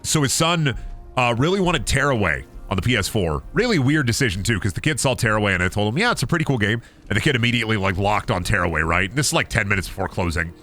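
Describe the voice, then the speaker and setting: A man's voice: fairly low pitch, fast talker, soft background music. A young man streaming a game, casually telling a long rambling anecdote with many fillers and curses. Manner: rambling, animated anecdote with lots of fillers and swearing.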